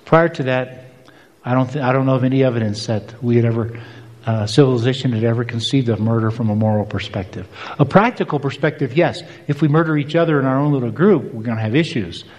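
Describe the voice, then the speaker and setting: A man's voice: medium pitch, a little mellow. Storytelling male preacher in a reverberant hall. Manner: storytelling, acts out both sides of the dialogue. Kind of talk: sermon with a personal story.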